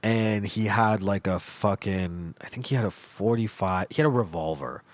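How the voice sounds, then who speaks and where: A man hosting a podcast, telling a comedic story in a profane, animated way and laughing along. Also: lowish voice, normal speed, no echo. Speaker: podcast host.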